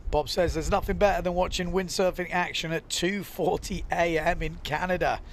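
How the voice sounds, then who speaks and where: A man's voice: sits high, fairly even intonation, moderate pace, slight background noise. A young adult man giving live windsurfing commentary, chatty and loose, often using filler phrases and reading out viewer comments. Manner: chatty, reads viewer comments, frequent "you know" fillers.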